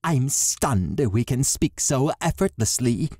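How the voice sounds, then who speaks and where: A man narrating an audiobook, voicing a cheerful small female bird-like alien in a squeaky voice. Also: lively intonation, slow pace, dry recording, studio quality. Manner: sunny and bright.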